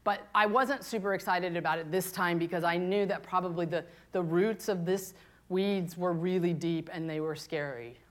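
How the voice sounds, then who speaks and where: A woman in her fifties, a pastor preaching a candid, confessional sermon, moving between hushed and impassioned. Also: fairly low pitch, moderate pace. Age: 50s.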